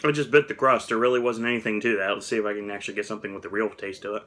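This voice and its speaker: A man's voice: on the low side, flat delivery, racing, fairly bright tone. A young man chatting casually on camera as he taste-tests snacks, candid and a little dramatic about the flavors. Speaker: food review vlogger. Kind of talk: casual taste-test commentary.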